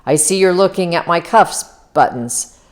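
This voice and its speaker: A woman's voice: on the low side, expressive, normal speed, close to an everyday voice. A woman voicing a boastful, sentimental fifty-year-old male gangster in an amateur storybook reading. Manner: solemn, self-important. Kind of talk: amateur read-aloud.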